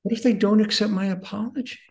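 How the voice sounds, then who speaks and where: A man in his sixties, a guest teacher, earnestly telling personal stories in conversation and moving between excited and hushed tones. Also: high-pitched, quick pace, creaky.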